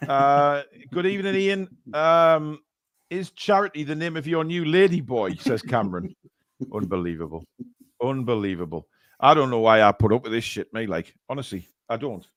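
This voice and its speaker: Hosting a charity live stream, a man with a medium-pitched, expressive voice reads donations aloud at a moderate pace. He laughs at cheeky messages and reacts to super chats with mock outrage, keeping it a casual stream chat with no room sound.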